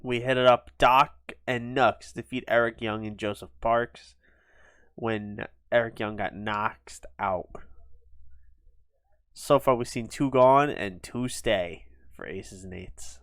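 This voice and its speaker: A man giving quick, offhand casual commentary on a wrestling sim game, with fillers. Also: medium pitch, a bit bright, smooth, dry recording. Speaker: gaming video host.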